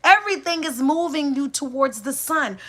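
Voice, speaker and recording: A spiritual teacher addresses a live audience in a live-streamed inspirational talk, speaking straight to her listeners like a preacher. She builds her points through repeated phrases and rhetorical questions in a repetitive cadence. Her voice is high and slightly bright, with lively intonation and a moderate pace.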